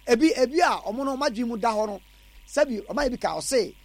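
A Ghanaian man answering questions in a casual interview, animated and mixing in English words. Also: very high voice, fast.

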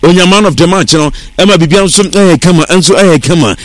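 A man reading sports news on the radio in a steady newsreader delivery, mixing English words into his talk. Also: sits high, fast, dry recording. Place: radio studio.

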